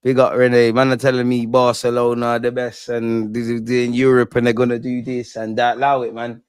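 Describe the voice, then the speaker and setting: Excitable young man, dry sound. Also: mid-range voice, a little fast, clear, resonant tone, dry recording. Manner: excitable, slangy, shouts out viewers. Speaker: fan channel host. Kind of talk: live watch-along reaction.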